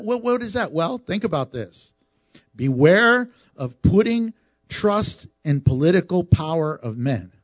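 A man preaching a sermon as a pastor, animated and teasing with the congregation. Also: high-pitched, no room sound, dull audio. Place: church sanctuary.

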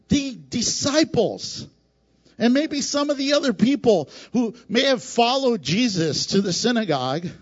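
High-pitched male pastor, animated sermon with acted-out scenes, dull lo-fi church recording. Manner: emphatic and repetitive, asks the congregation questions, laughs at his own jokes.

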